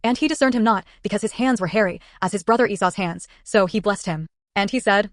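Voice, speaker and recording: A woman reads scripture aloud at a brisk clip, in a steady, even cadence. Her voice sits mid-range and sounds close and dry, with no room around it. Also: mid-range voice, no room sound. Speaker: Bible reader. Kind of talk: scripted Bible narration.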